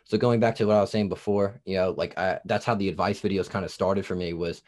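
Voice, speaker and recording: A man's voice: deep voice, fairly even intonation, quick pace, darkish tone. A man in his twenties from New Jersey, with a Jersey accent tinged Southern, rambling through a casual podcast interview with lots of fillers. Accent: New Jersey, with some Southern US. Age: 20s. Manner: rambling, lots of "like" and "you know". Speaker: guest producer and TikTok creator.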